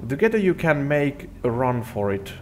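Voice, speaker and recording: A man's voice: medium pitch, moderate pace, faint music behind, voice pushed up, close to an everyday voice. A man reading out the lines of a weary male camp leader from a video game, in his own plain voice. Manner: flat reading of game dialogue.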